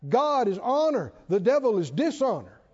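Animated male preacher in an echoing hall. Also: very high-pitched, slightly rough. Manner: animated, emphatic, with slow drawn-out stresses and chuckles. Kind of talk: sermon. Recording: dull sound with long hall reverb.

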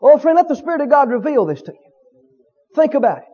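A man's voice: very high voice, big pitch swings, fast talker, muffled recording. A man preaching a sermon with emphasis, often asking the congregation questions.

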